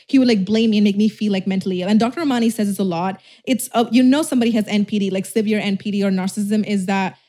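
A woman hosting a podcast, telling a personal story in a fast, emphatic, rambling way with casual cussing, close to the mic. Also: mid-range voice, dark tone. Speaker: podcast host.

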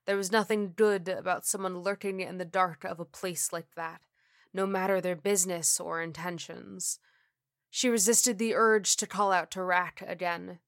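A woman narrating a scripted horror story in a measured, deliberate reading. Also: lowish voice, fairly even intonation, dry recording, clean studio sound.

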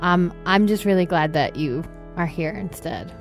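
A woman's voice: fairly low pitch, normal speed, faint music behind, close to an everyday voice. A woman improvising a sulky young bride who turns apologetic, in a comedy role-play. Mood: glum. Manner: sullen, flat, then apologetic.

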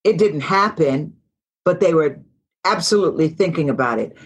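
A woman's voice: sits low, lively intonation, normal speed, slightly rough. A woman in her sixties, a guest actress in an interview, telling stories in a reflective way and repeating phrases for emphasis. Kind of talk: casual interview talk.

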